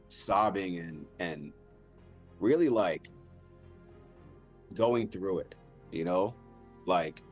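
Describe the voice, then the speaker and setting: A man telling his character's actions in a tabletop game, halting and searching for words with many fillers. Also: low voice, soft background music. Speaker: player.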